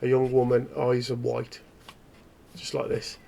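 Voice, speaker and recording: Gravelly guy running a horror rpg, stops and restarts a lot while describing stuff. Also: medium pitch, monotone, warm tone. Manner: halting, descriptive storytelling. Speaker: game master. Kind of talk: narrating a tabletop horror game.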